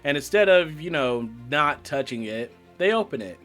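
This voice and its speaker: A man hosting a comedic movie review show, animated and joking, poking fun at himself. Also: a little high, moderate pace, faint music behind. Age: adult past teens. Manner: animated, joking, self-mocking.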